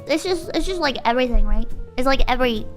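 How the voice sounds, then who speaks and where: A woman's voice: high-pitched, expressive, fast talker, faint music behind. A young woman streamer chatting casually and ranting, swearing and mock-quoting people. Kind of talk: casual livestream chat.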